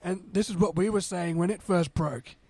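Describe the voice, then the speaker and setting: A man's voice: sits high, normal speed, creaky, dark tone, no echo. A man, co-hosting a casual podcast chat in an easygoing way, chiming in and swearing now and then. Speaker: podcast co-host.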